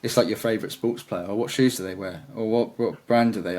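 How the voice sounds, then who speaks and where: A man's voice: fairly low pitch, steady tone, a little fast, hardly any pauses, a little mellow, soft background music. A man chatting as a guitarist guest in an interview, talking in a rambling, enthusiastic way. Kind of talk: casual interview chat.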